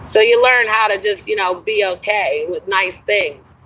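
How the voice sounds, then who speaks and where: A woman's voice: mid-range voice, measured pace, bright, forceful tone, far from the mic, a little hiss or hum, rough recording. A middle-aged woman chatting casually on a livestream, rambling and laughing often, calling listeners honey. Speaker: livestream host.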